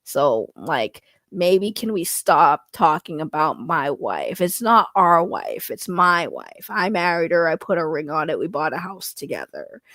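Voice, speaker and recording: A woman doing a parody impression of a defensive male indie filmmaker, talking low, slow and nasal as if congested, trying to sound articulate. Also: very animated, fairly bright tone, no room sound, studio quality, full character voice. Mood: aggrieved.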